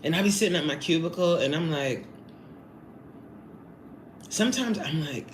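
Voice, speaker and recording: A woman's voice: deep voice, animated, normal speed, long pauses. A woman in her forties chatting playfully on a live stream, reading out chat names and eating while she talks. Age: 40s. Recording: roomy echo, faint noise.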